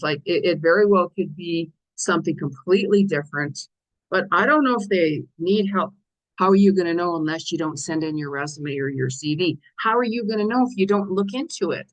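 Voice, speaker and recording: Chatty animated woman psychic. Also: deep voice, rough recording. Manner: chatty, animated, many quoted asides and restarts. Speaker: psychic doing a weekly forecast. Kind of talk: casual chat.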